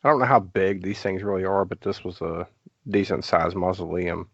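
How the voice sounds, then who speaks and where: Low-voiced rambling man, dry lo-fi podcast. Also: steady tone, normal speed, no echo. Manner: rambling, many fillers and restarts. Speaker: podcast guest. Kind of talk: casual podcast chat. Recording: dull lo-fi podcast audio.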